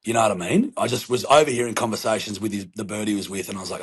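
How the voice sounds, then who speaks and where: A man's voice: lowish voice, very fast, husky. A young Australian man co-hosting a podcast, telling holiday stories in a playful, sweary way. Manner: playful, alliterative, swears often, acts out voices. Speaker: podcast co-host. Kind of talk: casual chat, storytelling.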